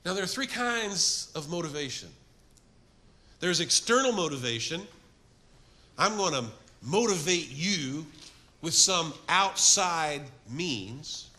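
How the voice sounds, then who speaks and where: A middle-aged man preaching a sermon to a men's group, telling stories with energy and then dropping to a soft, earnest appeal. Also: fairly high pitch, lively intonation, slow pace. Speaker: men's ministry speaker.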